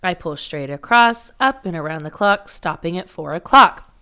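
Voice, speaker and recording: A woman's voice: lowish voice, expressive, moderate pace, sharp tone, smooth. A woman teaching a first grade phonics lesson, patiently sounding out letters and words for young children.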